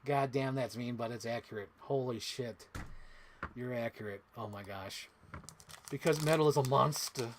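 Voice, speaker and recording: A toy collector vlogger, a man with a medium-pitched voice at a moderate pace, unboxes while chatting casually to his live chat; the recording has a little hiss or hum. He rambles, fills gaps with "like," and drops into silly voices.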